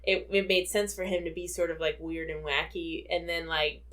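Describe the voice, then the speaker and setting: A woman's voice: on the low side, steady tone, normal speed, a bit bright. A woman co-hosting a podcast, chatting casually about a film with many fillers and frequent laughter. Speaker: podcast co-host.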